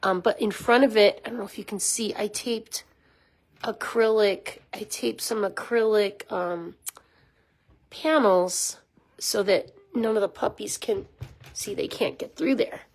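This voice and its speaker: A woman rescue volunteer chatting casually at home, rambling with ums and slipping into soft baby talk for a dog. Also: medium pitch, unhurried, low-quality recording. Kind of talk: casual talking-head explainer to camera. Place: small room at home with a puppy pen, indoors.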